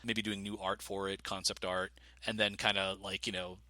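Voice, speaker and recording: An American man with a very bright, forward voice chats casually as a guest game designer. He rambles along with restarts and fillers. The sound is dry and close, with no room around it. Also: low voice, normal speed, no echo. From United States. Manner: rambling with many restarts, lively when excited. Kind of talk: casual interview.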